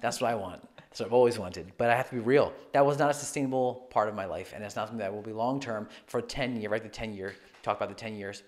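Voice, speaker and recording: A man's voice: on the low side, quick pace. Earnest, encouraging male fitness podcaster. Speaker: podcast co-host, fitness coach. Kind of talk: casual podcast chat.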